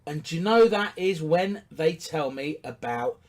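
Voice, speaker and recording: Emphatic man coaching, fairly high voice. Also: expressive, a little slow. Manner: emphatic, repetitive, rhetorical questions. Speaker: business coach. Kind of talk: coaching talk to an audience.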